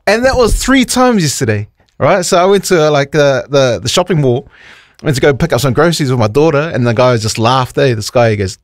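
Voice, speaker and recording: A man's voice: medium pitch, a little fast, no echo. A male radio host in casual on-air banter, his voice leaping up and down as he tells stories and slips into the voices of the people in them. He sounds close and dry, with hardly any room around him. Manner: animated storytelling, acts out quoted voices.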